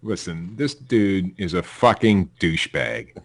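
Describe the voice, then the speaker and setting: A man's voice: deep voice, measured pace, no echo. A man hosting a casual podcast, reading news stories aloud with blunt, profane, sarcastic asides.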